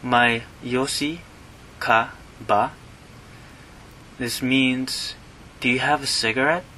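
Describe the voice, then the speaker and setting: Man, slow teaching delivery, bright tone, repeats each word, um and uh fillers. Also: mid-range voice, steady tone, slight background noise, rough recording. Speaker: language teacher. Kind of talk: slow teaching of slang words.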